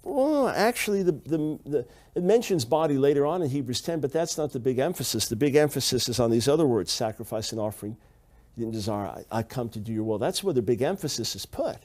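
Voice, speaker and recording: A man's medium-pitched voice carries a darkish tone as he gives a Bible teaching lecture. He reads Hebrew passages aloud and emphatically repeats key phrases to press his points.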